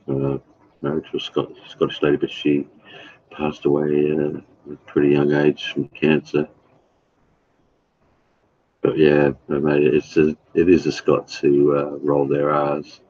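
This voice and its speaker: A man chatting casually with his live stream viewers, blunt and profane, halting with fillers. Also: rumbling low, flat delivery, a little mellow, slightly rough, no room sound, lo-fi sound. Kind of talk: casual chat.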